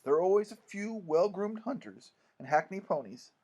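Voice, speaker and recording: A man's voice: high voice, normal speed. Man narrating an audiobook expressively. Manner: lively, expressive storytelling.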